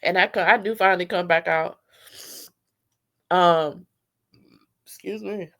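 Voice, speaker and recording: A woman's voice: on the low side, fairly even intonation, measured pace, a bit bright. A middle-aged woman, tearfully and candidly recounting a hard church rehearsal to her viewers. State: crying at times. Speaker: church singer telling her story. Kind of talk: emotional personal storytelling.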